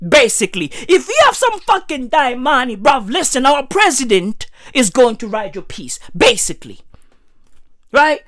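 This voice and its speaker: A woman rants in a heated, profane, repetitive way. Her voice sits high and swings widely in pitch. The sound is dry and close, with no room echo. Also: sing-song, moderate pace, fairly bright tone. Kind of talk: profane ranting monologue.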